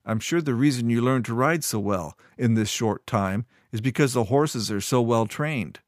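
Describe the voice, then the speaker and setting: A calm, confident young countryman, voiced by a male narrator, speaking earnestly and steadily in an audiobook. His mid-range voice is plainly delivered. The sound is dry and close to the mic. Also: medium pitch, moderate pace, dry recording, natural voice. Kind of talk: audiobook character voice.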